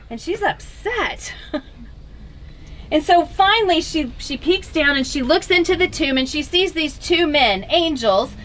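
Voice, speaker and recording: A woman's voice: very high-pitched, fairly bright tone, poor audio. A woman preaching a funeral sermon, telling a story expressively with wry humor and speaking directly to the mourners. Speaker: officiant at a funeral.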